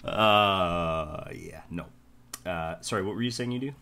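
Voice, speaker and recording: A man's voice: low voice, measured pace, gravelly, pushed and bright, slight background noise. A young man narrating as game master in a loose, joking way, full of fillers.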